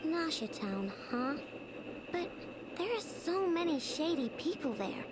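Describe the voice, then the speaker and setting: A woman's voice: sits high, big pitch swings, unhurried, noisy background. A woman voicing a spirited young girl who runs a robot workshop, talking in an earnest, emphatic way in video game dialogue. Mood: determined. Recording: game audio over loud music.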